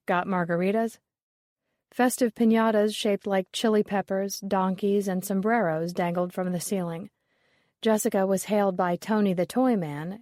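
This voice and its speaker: A female audiobook narrator reads a mystery novel in a steady, measured voice at medium pitch. The scripted narration is recorded cleanly in a studio, with no room sound.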